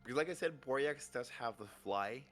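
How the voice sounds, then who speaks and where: A man narrating a tabletop game as game master, halting with many restarts and fillers. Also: mid-range voice, animated, a bit bright, faint music behind.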